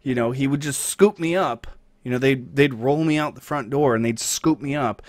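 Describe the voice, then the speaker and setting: Deadpan, crude young male streamer. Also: medium pitch, normal speed, dry recording, clean studio sound. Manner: deadpan, profane, chatty asides to viewers. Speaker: livestream host. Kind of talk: crude comedic storytelling while gaming.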